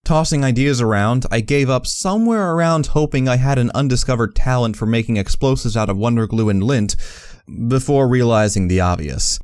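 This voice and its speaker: A man narrating a fan fiction audiobook in the first person, measured and reflective. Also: mid-range voice, a little mellow, smooth, no echo, clean studio sound.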